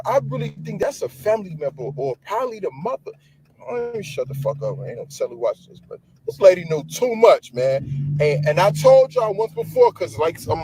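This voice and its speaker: A man talking in a casual live-stream rant, slangy and animated, repeating himself and swearing. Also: sits high, slightly rough, poor audio. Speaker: social media commentator.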